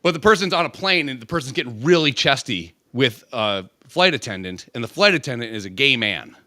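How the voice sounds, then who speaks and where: Lively crude-talking man, animated. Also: medium pitch, brisk, no echo. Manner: animated, crude, rambling with frequent profanity. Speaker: podcast co-host. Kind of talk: casual podcast chat.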